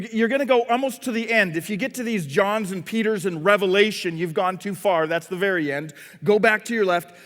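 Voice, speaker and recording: Pastor guy with a high voice preaching, acts out the story, long echo in the church. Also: a bit bright. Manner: dramatic storytelling, acting out scenes. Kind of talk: sermon. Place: church sanctuary. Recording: long reverb in a church hall.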